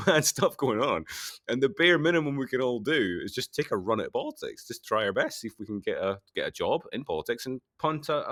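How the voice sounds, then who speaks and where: A man's voice: mid-range voice, a bit bright. A man who is a local political candidate, giving a rambling solo monologue. He argues with himself in two voices, jokes, and laughs often.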